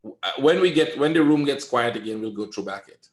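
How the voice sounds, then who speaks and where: A man's voice: medium pitch, lively intonation, a little fast, reverberant. A man running a live trading webinar, lecturing bluntly and often asking "right?" to check that his listeners follow. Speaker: trading coach.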